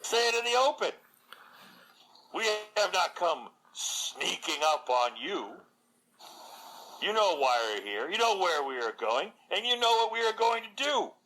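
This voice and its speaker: A man's voice: high voice, very animated, a little slow, sharp tone, pitched above the performer's own voice, heavily acted, low-quality recording. A man voicing a defiant warrior woman leader. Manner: defiant, commanding.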